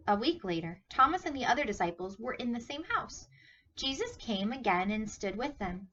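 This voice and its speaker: A woman teaching Sunday school, reading a Bible story to children in an animated, questioning way. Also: fairly high pitch, normal speed, distant mic, highs cut off, a little hiss or hum. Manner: animated, questioning, talks to kids directly.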